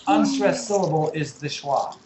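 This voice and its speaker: A man's voice: on the high side, moderate pace, roomy sound, heavy background noise. An American man teaching an English lesson over a video call, patiently sounding out and spelling words.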